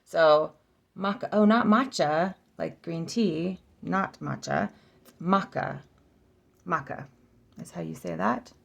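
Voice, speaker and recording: Lady doing a chill deck flip-through vlog, super gravelly fry, slow and thinking out loud. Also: lowish voice, dull audio. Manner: sounding out names aloud, self-correcting; musing, giggly asides. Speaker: oracle deck reviewer.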